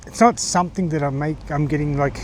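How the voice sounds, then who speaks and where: Aussie guy in his 40s rambling on from his car, kinda high voice, faint road hum behind. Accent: Australian. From Australia. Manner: halting, many fillers and restarts. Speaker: vlogger. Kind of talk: casual rambling monologue.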